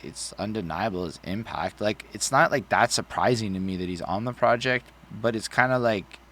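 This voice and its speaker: Blunt, low-voiced man reviewing an album. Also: normal speed, sharp tone. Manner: blunt, profane and rambling. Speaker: podcast co-host. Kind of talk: casual album review chat.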